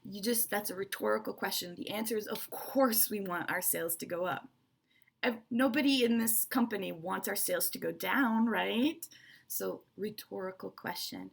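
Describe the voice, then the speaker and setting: A woman's voice: mid-range voice, creaky, breathy edge. A woman teaching English presentation skills, explaining step by step and checking in with "right?" and "okay". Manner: explanatory, repeats key points with frequent "right?" and "okay". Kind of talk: online lesson explaining to viewers.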